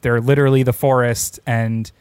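A man's voice: medium pitch, level tone, moderate pace, darkish tone, clear, resonant tone, no room sound. A man in casual conversation, retelling movie scenes and putting on silly voices for characters.

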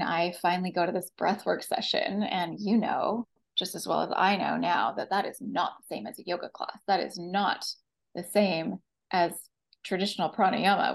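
A woman's voice: fairly low pitch, creaky, poor audio. A woman with a Canadian accent, a breathwork facilitator telling her personal story as a podcast guest, acting out her own past words.

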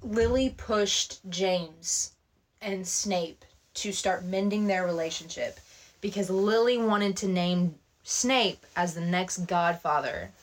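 A woman co-hosting a podcast in casual chat, who slows down to stress her points. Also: lowish voice. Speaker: podcast co-host.

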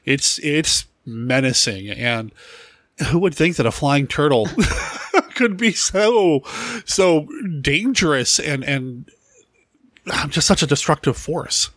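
A man's voice: a little high, animated, slow pace, a bit bright, no echo. Brief: male podcast co-host, casual film talk, laughs often, dry close sound. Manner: chatty, laughs often, trailing restarts.

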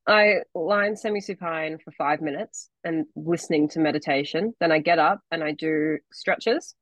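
A young woman co-hosts a podcast in a relaxed, rambling way, with plenty of filler words. Her voice sits very low, and the recording is dry and close with no room sound. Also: normal speed, no echo. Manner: chatty, rambling with many fillers. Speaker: podcast co-host. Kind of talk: casual chat.

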